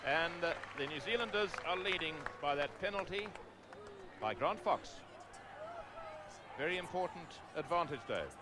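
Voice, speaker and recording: Excitable rugby commentator, noisy broadcast. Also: male voice, fairly high pitch, normal speed, long pauses, a crowd in the background. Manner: rises to excited shouts at big moments, calm for background facts. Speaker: play-by-play commentator.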